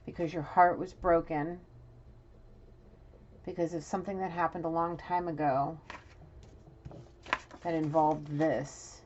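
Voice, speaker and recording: Low-voiced, blunt New woman. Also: fairly even intonation, a little slow, long pauses. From New York City. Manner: blunt, scolding and frank, with frequent restarts. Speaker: intuitive reader. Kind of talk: spoken intuitive reading to an absent person. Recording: dull lo-fi audio with faint noise.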